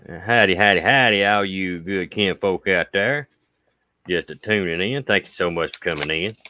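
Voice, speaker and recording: On a casual livestream, the host reads letters from viewers at normal speed, his low voice smooth, resonant and Appalachian. Forceful and bright, he keeps things folksy and lingers on his thanks; the sound is close, dry and echo-free.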